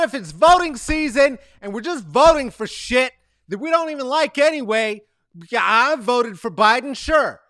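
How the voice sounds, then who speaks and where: Animated, brassy man ranting casually. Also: very high voice, moderate pace, no room sound, clean studio sound. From San Francisco Bay Area. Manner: swearing, rambling, animated rants with mock booing. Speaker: host. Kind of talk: casual comedic monologue.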